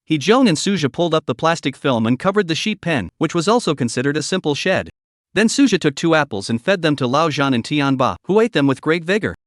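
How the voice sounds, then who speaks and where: A man reads a story recap aloud in a scripted narration, his pitch sitting a little above the usual male range and moving a lot from phrase to phrase. The voice is close and dry, with no room sound around it. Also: expressive, fairly quick, no room sound.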